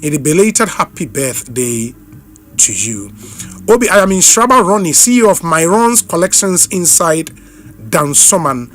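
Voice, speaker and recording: A man's voice: on the high side, big pitch swings, a bit bright. A man with a Ghanaian accent hosting a live radio talk show, reading out listener greetings and mixing English with Twi. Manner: reads out names and greetings briskly, repeats phone numbers slowly.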